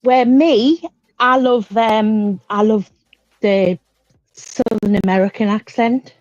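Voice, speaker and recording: A woman's voice: on the high side, steady tone, a little mellow, no echo. Chatty Geordie woman, lo-fi stream. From northeast England. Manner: chatty, laughs often, loose pauses and fillers. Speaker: livestream panel host. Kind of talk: casual chat. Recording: dull lo-fi stream audio.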